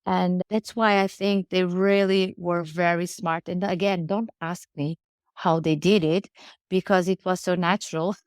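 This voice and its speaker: Woman, 40s, guest, earnest and searching, lower pitch, dry recording. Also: fairly even intonation, unhurried, no room sound. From Portugal. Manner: earnest, repeats words while searching for phrasing. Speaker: guest, riding instructor. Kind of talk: casual interview conversation.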